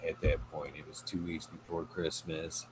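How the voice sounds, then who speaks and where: A man's voice: very deep voice, flat delivery, moderate pace, a little hiss or hum, rough recording. A man hosting a casual podcast, rambling with lots of fillers as he thanks his guest. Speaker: podcast host.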